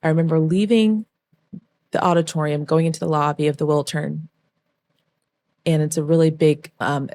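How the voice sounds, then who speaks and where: A young woman who used to be a backup dancer, appearing as a podcast guest, tells an emotional story with a deep voice at normal speed, pausing often. She is animated and acts out the voices of the people she quotes.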